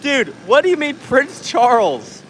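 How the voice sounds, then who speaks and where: With an extremely high, wildly swooping voice that's a bit bright and a little slow, an American man hosts an outdoor live stream. He jokes and laughs while reading chat comments aloud in casual talk, recorded on a handheld camera mic with slight background noise.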